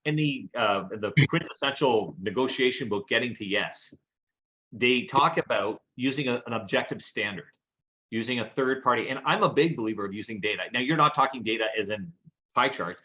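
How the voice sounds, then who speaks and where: Animated male podcast co-host telling stories. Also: medium pitch, a little fast, dull audio. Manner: animated anecdotal storyteller. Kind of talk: casual chat, storytelling.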